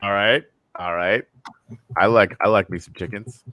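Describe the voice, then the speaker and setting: A man's voice: lowish voice, moderate pace, sharp tone, dry recording. A man hosting a casual online chat, blunt and upbeat, swearing freely, talking over a video call.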